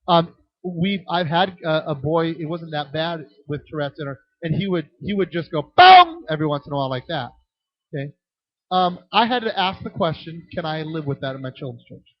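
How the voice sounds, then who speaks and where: Lively man teaching a ministry workshop. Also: a little high, normal speed. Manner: animated, acts out voices in anecdotes, frequent restarts. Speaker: children's ministry trainer. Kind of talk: conference workshop talk with audience questions. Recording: dull lo-fi, dry sound.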